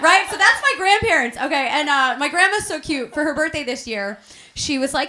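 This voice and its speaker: High, bright-voiced woman doing stand-up. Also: expressive, fairly quick. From Chicago. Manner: chatty, laughs at her own jokes. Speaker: stand-up comedian. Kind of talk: stand-up comedy set. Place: stage at a variety show taping.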